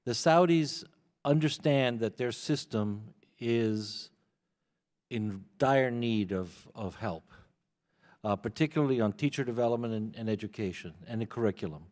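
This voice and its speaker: Male witness, medium-pitched voice, earnest testimony, repeats words at starts, reverberant hearing room. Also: darkish tone. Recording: long hall reverb.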